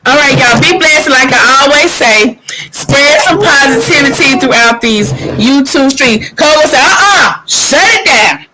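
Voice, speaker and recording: A woman's voice: high voice, unhurried, background noise. A woman hosting a livestream show in casual chat, telling a story and laughing with her co-host.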